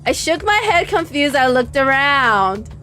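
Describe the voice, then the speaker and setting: A woman streams a visual novel, reading the lines aloud in a high voice and chatting dramatically with her viewers. Her delivery is animated, and faint game music plays behind her. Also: measured pace.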